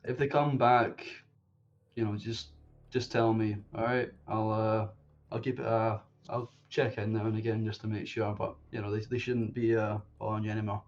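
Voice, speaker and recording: A man plays a weary older man in a battered coat, streetwise and protective of his neighbourhood. The voice sits low and comes through dull and lo-fi. The speech is halting and full of hesitations. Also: flat delivery, a little hiss or hum, lightly acted. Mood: reassuring. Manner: hesitant, halting, casual slang. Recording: dull lo-fi sound.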